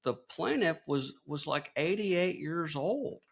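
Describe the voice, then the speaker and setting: A man's voice: a little high, lively intonation, takes it slowly, gravelly, a loud crowd. A man co-hosting a podcast, talking in a casual, easygoing way, with hesitations while he thinks aloud. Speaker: podcast co-host. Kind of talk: casual conversation.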